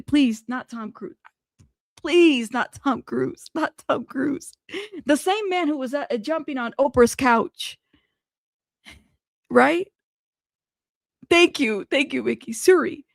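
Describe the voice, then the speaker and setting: A host of a live news show, reacting animatedly and pleading between bursts of laughter. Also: female voice, a little high, creaky, no room sound, clean studio sound. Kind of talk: casual commentary.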